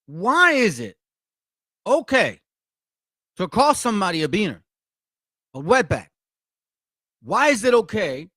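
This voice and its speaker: Guy in his 40s ranting at viewers, high voice jumping all over, dry close sound. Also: bright, forceful tone, dry recording. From Mexico. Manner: blunt, confrontational, profane. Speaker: channel host. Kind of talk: impassioned commentary to viewers.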